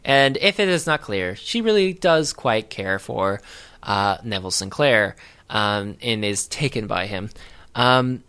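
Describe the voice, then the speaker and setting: Dude rambling thru a movie recap on a podcast, sarcastic, full of uhs. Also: male voice, lowish voice, lively intonation, measured pace, pushed and bright, clear, resonant tone. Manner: rambling, hesitant with many fillers, wry. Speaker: podcast co-host. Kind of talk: casual film recap chat.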